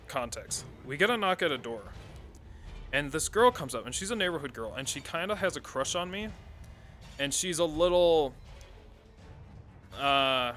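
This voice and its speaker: A man's voice: medium pitch, sharp tone. A young man streaming a game, telling a rambling story with frequent laughter and casual swearing.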